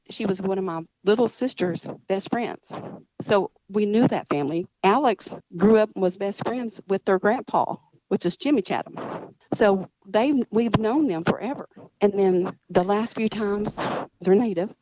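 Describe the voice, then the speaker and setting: A woman's voice: medium pitch, darkish tone, no echo. Rambling woman, lo-fi sound. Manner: rambling, restarts, acts out quoted dialogue. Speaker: guest, cousin of the missing woman. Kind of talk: casual storytelling interview.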